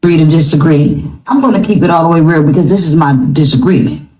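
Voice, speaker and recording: A speaker giving a forceful, opinionated monologue, repeating phrases for emphasis. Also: mid-range voice, fast talker, roomy sound, rough recording.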